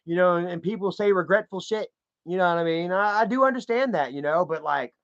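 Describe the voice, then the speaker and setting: A man's voice: sits high, a little fast, a bit bright. A man giving profane, heated commentary to his viewers, ranting as he browses online pages. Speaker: commentary vlogger. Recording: dull lo-fi sound.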